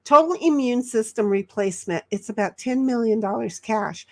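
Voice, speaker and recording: Casual livestream host, female, fairly high voice, rambling chatty delivery reading viewer comments. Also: expressive, moderate pace, fairly bright tone. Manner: rambling, reads chat messages aloud, frequent restarts. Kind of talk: casual chat.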